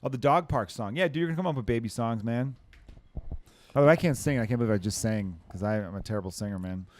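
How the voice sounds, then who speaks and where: Fast-talking profane American podcast host. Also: male voice, medium pitch, a little mellow. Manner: profane, rambling, laid-back storytelling. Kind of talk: casual podcast chat.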